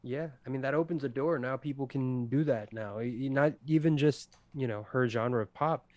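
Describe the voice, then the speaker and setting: A man's voice: mid-range voice, moderate pace, a little mellow, no echo. A young man co-hosting a casual livestreamed podcast, rambling with lots of fillers and easy laughter. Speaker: podcast co-host presenting awards.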